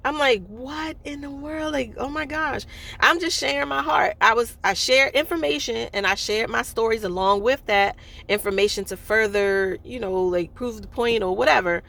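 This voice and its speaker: A woman's voice: mid-range voice, a bit bright. A woman telling a personal story in a candid, rambling way, with many fillers and restarts. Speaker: speaker sharing a personal story.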